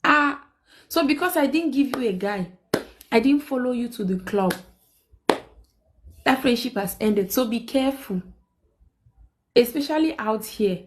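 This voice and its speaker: A woman's voice: a little slow, pauses often, noisy background. A young woman, hosting a live stream and telling a personal story in casual chat. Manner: animated, quotes people with big pitch jumps.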